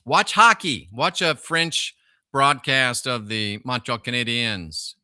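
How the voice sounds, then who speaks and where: Male solo-stream host, sharp, bright voice, preachy and sardonic, swings to loud bursts. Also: mid-range voice, takes it slowly, dry recording, clean studio sound. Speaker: livestream host reading chat. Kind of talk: solo livestream rant.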